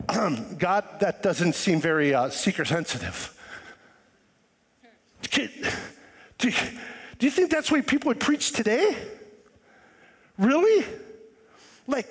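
High-voiced preacher in an echoing hall. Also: male voice, very animated, a little slow, long pauses, slightly rough. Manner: preaching with rhetorical questions and acted-out voices. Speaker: pastor. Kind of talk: sermon. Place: church hall. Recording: long reverb of a church hall.

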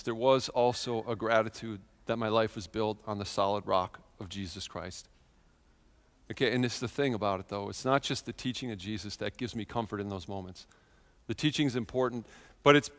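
A pastor in his thirties preaches a sermon in church, relating a personal story with earnest feeling and swinging from quiet to loud. His pitch is medium, and the sound has a long reverb tail.

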